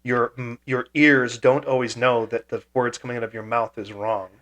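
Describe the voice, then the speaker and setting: A man's voice: mid-range voice, flat delivery, normal speed, a bit bright. Earnest, motivational man from Canada. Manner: earnest and motivational, stressing key words. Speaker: guest, life coach and former strongman. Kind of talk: casual conversation.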